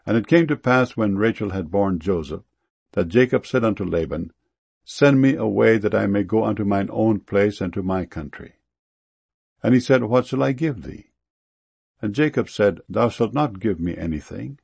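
Gravelly low-voiced man reading scripture. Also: dry recording, lo-fi sound. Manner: measured, even delivery in archaic phrasing. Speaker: scripture reader.

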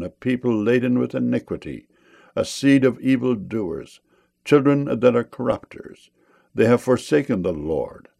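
A man reading scripture aloud in a solemn, measured way, slowing down on the cries of "Ah". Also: medium pitch, vocal fry, warm tone. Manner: solemn, slow on each "Ah, Lord God".

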